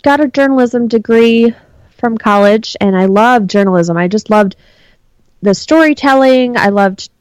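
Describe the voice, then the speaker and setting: A woman in her thirties talks casually as a podcast guest. She is an animated storyteller who jumps into quoted voices. The room sounds close and dry. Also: a little high, measured pace, smooth, no echo, poor audio. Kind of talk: casual conversation.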